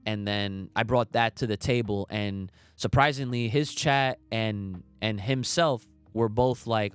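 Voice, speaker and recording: A man's voice: fairly low pitch, a little slow, few pauses, clean tone, soft background music. A young man hosting a casual podcast livestream, talking emphatically in slangy, swearing rants and reading out chat comments. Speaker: podcast host.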